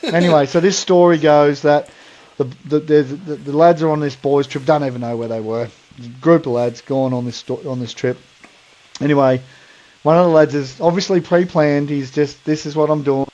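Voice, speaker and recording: A man's voice: a little high, steady tone, moderate pace, dark tone, lo-fi sound. An Australian man co-hosting a podcast, telling a rambling funny story in casual mate slang and laughing along. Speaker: podcast co-host.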